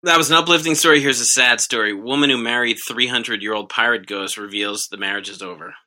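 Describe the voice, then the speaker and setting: Bright-voiced, dry male podcaster. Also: mid-range voice, fast talker. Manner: dry, sarcastic delivery. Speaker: podcast co-host reading news items. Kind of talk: casual comedy banter.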